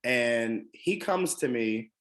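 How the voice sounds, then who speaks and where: A man's voice: medium pitch, expressive, takes it slowly, a bit bright. A man from the Washington DC area telling a personal motivational story, earnest and emphatic, with frequent ums and restarts. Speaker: motivational speaker.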